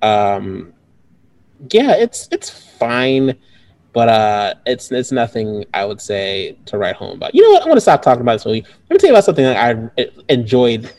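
A man's voice: mid-range voice, huge pitch swings, moderate pace, a little mellow. A man casually reviewing movies as a podcast co-host, rambling and laughing often.

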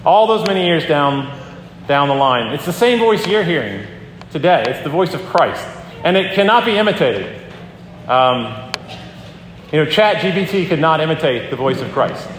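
A man's voice: a little high, expressive, moderate pace, slight background noise. A middle-aged man preaching a sermon in a conversational storytelling way, with frequent ums and restarts. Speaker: pastor. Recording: echoey hall with long reverb, faint ambience.

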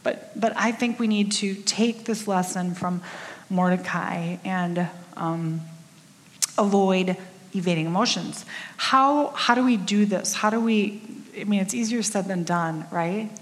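A woman's voice: medium pitch, unhurried. Chatty middle-aged woman preaching in a hall. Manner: candid, chatty, self-deprecating with frequent fillers. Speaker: church speaker. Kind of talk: conversational sermon. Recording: long reverb of a large hall.

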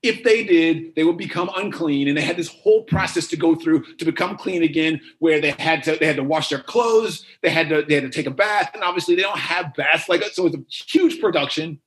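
High-voiced man preaching with animated repetition. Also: brisk, hardly any pauses, rough recording. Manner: animated storytelling with repeated phrases. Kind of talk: sermon.

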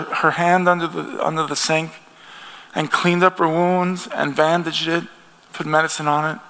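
Gravelly, bright-voiced man preaching in a hall. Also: a little high. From United States. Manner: earnest, conversational preaching with restarts. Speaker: pastor. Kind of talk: sermon. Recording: long hall reverb.

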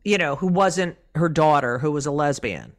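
A woman's voice: sits low, moderate pace. A middle-aged woman, a comedian, telling stories in a casual interview, acting out quotes and swearing freely. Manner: animated storyteller, acts out quotes, swears. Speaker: comedian guest.

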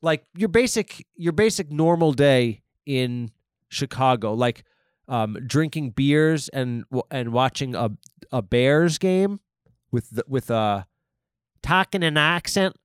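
Rambling, halting male podcast host. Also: medium pitch, expressive, smooth, no room sound, studio quality. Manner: halting, rambling, profane, full of fillers. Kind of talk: rambling improvised comedy monologue.

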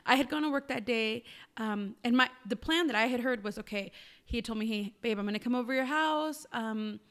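Podcast co-host, woman, high and bright voice, animated storyteller who acts out dialogue. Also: fairly quick. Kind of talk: casual storytelling chat.

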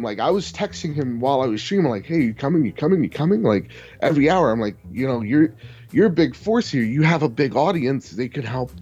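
A man's voice: mid-range voice, darkish tone, lo-fi sound. A young man in a casual podcast chat, telling a long frustrated story and swearing freely. He quotes other people in mimicked voices as he goes. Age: young adult.

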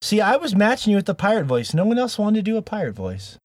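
A man's voice: high-pitched, huge pitch swings, fast, no echo. A man hosting a gaming podcast in casual chat, joking, rambling and laughing often. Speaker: podcast host.

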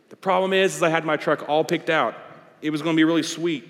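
A man's voice: on the high side, fairly even intonation, fast talker. A man preaching in a large church hall, his slightly raised voice trailing off into long reverb. He talks to the congregation in a conversational way, driving his points home with repeated rhetorical questions. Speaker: pastor. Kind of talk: sermon.

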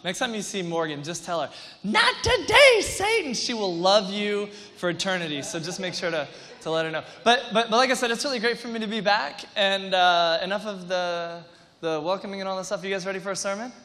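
A male pastor with a high voice, preaching to a congregation in a large church hall. He talks energetically and rambles, with quick restarts and playful asides. His voice carries a long hall reverb. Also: pushed and bright. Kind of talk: sermon.

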